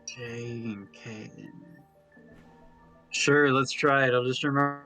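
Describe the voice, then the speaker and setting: A man's voice: mid-range voice, steady tone, slow pace, music in the background. A man joining a casual gaming stream as a co-player, with dry, joking complaints. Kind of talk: casual gaming chat with friends.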